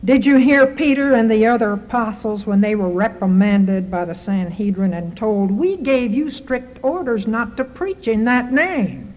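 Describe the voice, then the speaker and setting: Slow-speaking woman preaching in a hall. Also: fairly high pitch. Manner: rhetorical, repeating questions. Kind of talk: sermon. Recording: muffled hall recording with reverb.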